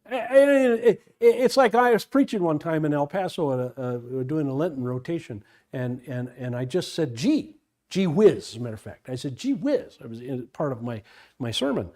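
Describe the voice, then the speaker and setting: An older pastor leads an informal Bible study, rambling and digressing with many restarts. His medium-pitched voice is fairly quick and darkish in tone.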